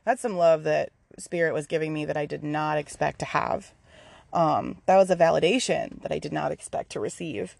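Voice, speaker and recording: Woman podcast host, candid chatty monologue, fry in the voice, dry room. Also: low voice, normal speed, darkish tone, no room sound. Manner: candid, swears freely, many fillers and restarts. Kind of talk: casual rambling monologue.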